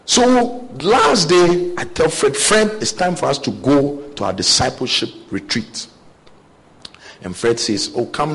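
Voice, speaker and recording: A man's voice: medium pitch, breathy edge. A young man preaching a sermon, telling personal stories and acting out the voices in his dialogues. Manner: animated storytelling, acting out both sides of dialogues.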